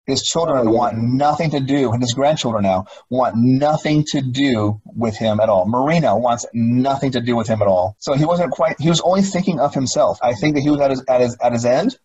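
Husky-voiced man, emphatic interview guest. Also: medium pitch, fairly quick, few pauses, darkish tone, highs cut off. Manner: emphatic, repeats words and rhetorical questions. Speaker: guest author, former police officer. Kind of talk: interview conversation.

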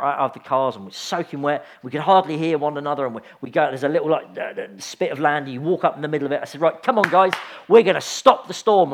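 A middle-aged man giving an informal sermon, chatty and anecdotal, with frequent restarts and asides. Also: a little high. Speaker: preacher.

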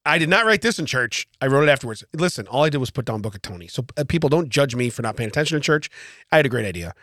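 A man co-hosting a casual podcast chat, telling a story in an animated way with frequent laughs, recorded in a podcast studio. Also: mid-range voice, racing, dry recording. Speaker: podcast co-host.

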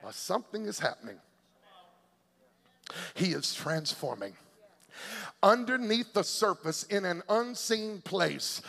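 A male preacher with a very high voice and a bright, forceful edge delivers a rhythmic church sermon. His voice is husky and gravelly, and his lines swell toward shouting. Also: long reverb tail.

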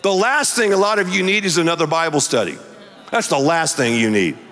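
Emphatic pastor in a big hall. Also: male voice, on the high side, animated, a little fast, a bit bright. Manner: emphatic, repeats words for effect. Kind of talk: sermon. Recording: long hall reverb.

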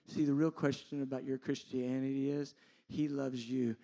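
A man pastor preaching a sermon, moving from loud, impassioned appeals to quiet, intimate asides. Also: mid-range voice, flat delivery, normal speed, few pauses.

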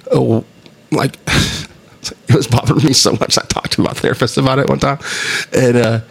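A man's voice: medium pitch, steady tone, moderate pace, creaky, husky. A man co-hosting a podcast in casual chat, rambling and opinionated, laughing often. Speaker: podcast co-host.

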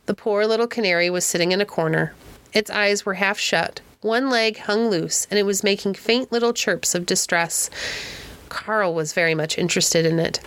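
A woman reading a classic novel aloud in a clear, steady storybook manner. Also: mid-range voice, normal speed. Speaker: audiobook narrator.

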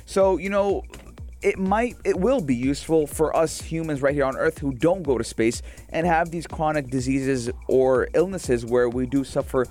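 A man talks on a radio show in a loose, joking way, stopping and restarting as he goes. His voice sits a touch high for a man. Faint music plays underneath. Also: moderate pace, a little mellow. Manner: chatty, jokey, rambling restarts. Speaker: radio co-host. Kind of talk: casual radio banter.

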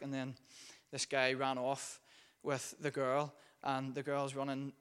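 A man's voice: medium pitch, completely flat delivery, takes it slowly, long pauses, fairly bright tone, smooth. A man preaching a sermon, telling a story in a conversational way with frequent fillers. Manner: conversational, many fillers while recounting a story.

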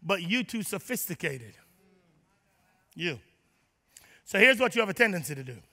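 A man preaching in a high, piercing, sharply bright voice. He acts out his listeners' prayers and swings from shouted declarations to hushed asides. The sermon rings with long reverb from a large hall. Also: very animated, moderate pace, pauses often. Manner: shifts between loud declarations and near-whispers. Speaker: pastor.

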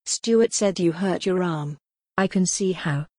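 A woman reading the lines of a calm, careful male doctor in a gothic audiobook, soft-spoken and measured. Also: on the low side, no room sound, studio quality. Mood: gentle.

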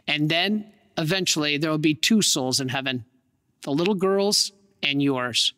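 A man, a priest, telling a story in a sermon with earnest, dramatic pauses. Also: a little high, sharp tone, long reverb tail.

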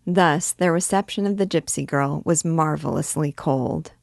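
A woman reading a classic novel aloud in a clear, measured storytelling voice. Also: low voice, a little mellow, dry recording, studio quality. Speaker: literature teacher reading aloud.

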